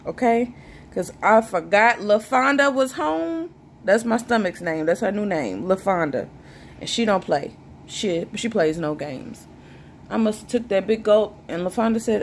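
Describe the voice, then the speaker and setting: A young woman talks straight to her viewers in a loose, joking way. Her voice sits at a middle pitch, and a faint hum of room noise runs behind her. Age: 20s. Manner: chatty, joking, sips a drink while talking. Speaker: vlogger. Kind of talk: casual chat to camera.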